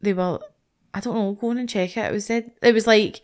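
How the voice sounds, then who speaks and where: A Scottish woman in casual podcast chat, ranting with animated energy and plenty of swearing. Her voice sits at an ordinary middle pitch for a woman. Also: brisk. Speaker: podcast co-host.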